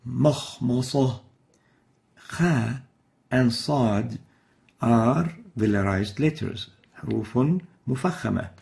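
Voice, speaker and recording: A man teaching Quran recitation in a recorded lesson, explaining patiently and demonstrating each sound slowly and carefully. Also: on the low side, gravelly, darkish tone.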